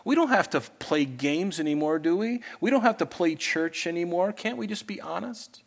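A man preaching a sermon to a congregation in church, earnest and pleading, swinging between loud urging and soft asides. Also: a little high, animated, normal speed, vocal fry. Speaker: pastor.

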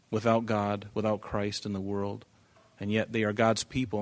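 A man, a pastor preaching an expository sermon, reading scripture aloud and pressing points with emphatic rises and drops in volume. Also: on the low side.

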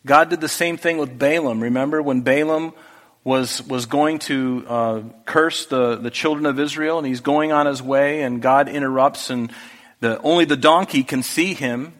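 A man's voice: medium pitch, moderate pace, fairly bright tone. A man preaching a sermon as a pastor, earnest and conversational, with restarts and asides. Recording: long hall reverb.

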